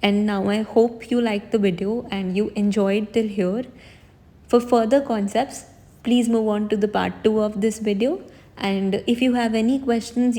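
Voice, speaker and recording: A woman teaching a German lesson online, explaining patiently word by word and slowing down to stress each new word. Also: medium pitch, warm tone. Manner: slows and stresses the foreign words she teaches.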